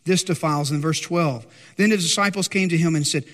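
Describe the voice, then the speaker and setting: A man preaching a sermon as pastor, impassioned and animated, acting out worried disciples with a lifted voice. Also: a little fast. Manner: impassioned, acts out anxious disciples in higher voice. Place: church sanctuary. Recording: long hall reverb.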